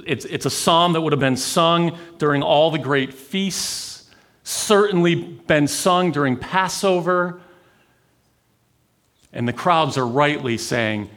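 A man preaching a sermon, telling the story with dramatic swings between raised intensity and near-whispered pauses. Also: a little high. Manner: dramatic, swings from loud to hushed. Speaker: pastor.

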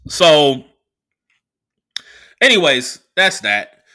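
A young male comedian from the Bay Area tells a loose, profane story on his show. His pitch jumps wildly as he acts out the people he quotes. His tone is bright and punchy. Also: very animated, very slow. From San Francisco Bay Area. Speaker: comedian podcast host. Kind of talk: casual storytelling monologue.

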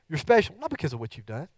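A middle-aged man preaching a sermon as a church pastor, moving between loud, fervent declarations and soft, earnest talk. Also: fairly high pitch, breathy edge, dry recording, clean studio sound. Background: guitar music.

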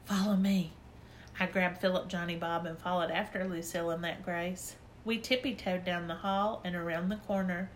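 A woman narrating a storybook in a lively, expressive, childlike manner. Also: lowish voice, normal speed, hardly any pauses, slight background noise. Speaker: audiobook narrator. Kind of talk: storybook reading.

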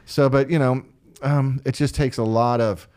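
An animated man who tells stories in a loose, conversational way. His voice sits at an ordinary middle pitch, and he often breaks into the voices of the people he describes. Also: normal speed, clear, resonant tone. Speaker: line producer guest. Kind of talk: casual storytelling interview.

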